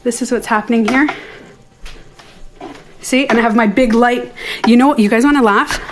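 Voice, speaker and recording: A middle-aged woman with a fairly high voice talks casually to her viewers during a live stream, slightly out of breath. She chats in a self-interrupting way and reads out their comments as she goes. Faint music plays in her den at home. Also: normal speed. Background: soft music playing.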